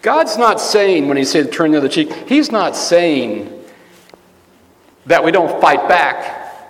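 A man's voice: fairly high pitch, very animated, slow pace, pauses often. A man giving a conversational sermon, telling rambling personal stories and correcting himself as he goes. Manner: storytelling, rambling, self-correcting. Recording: echoey hall with long reverb.

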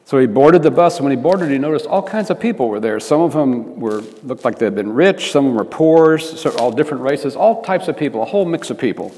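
Earnest preacher in a reverberant hall. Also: male voice, mid-range voice, animated, a little fast, hardly any pauses, darkish tone. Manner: earnest, restarts phrases while telling the story. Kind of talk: storytelling sermon.

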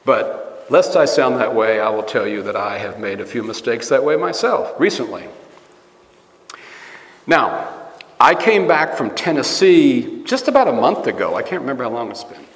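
In an echoey hall with long reverb, a man delivers a conversational sermon built on rambling personal stories, correcting himself along the way. His voice is medium in pitch, moves at a moderate pace, and swings widely in pitch.

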